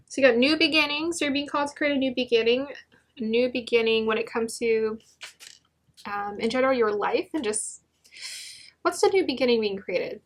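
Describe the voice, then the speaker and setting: Encouraging woman reading tarot. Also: on the high side. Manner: gentle, encouraging, with fillers and restarts. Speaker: tarot reader.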